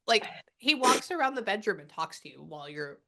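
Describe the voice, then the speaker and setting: A woman psychic medium giving a reading, talking quickly and chattily and breaking off to listen. Her voice is bright and forward at an average pitch. She relays messages in a casual, conversational way. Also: big pitch swings. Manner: chatty, breaks off to listen, quotes the spirit aloud. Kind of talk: spirit reading session.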